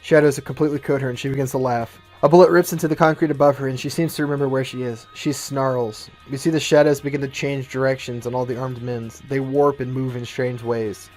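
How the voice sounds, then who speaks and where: Male YouTuber, steady plain narration of a fan movie plot, mid pitch. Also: fast, hardly any pauses, faint music behind. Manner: plain, steady storytelling, light commentary.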